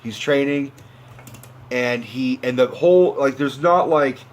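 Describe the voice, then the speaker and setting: A young man in a mid-pitched voice, ranting hard about a movie. He swears freely and sounds exasperated, and now and then he slips into a mocking impression of a character before snapping back to his own voice. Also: unhurried. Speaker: film review vlogger.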